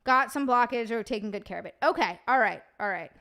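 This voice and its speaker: A woman's voice: fairly high pitch, lively intonation, fast talker, sharp tone. A woman hosting a casual livestream, reading chat aloud, swearing and laughing often. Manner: profane, laughing, reacting to chat.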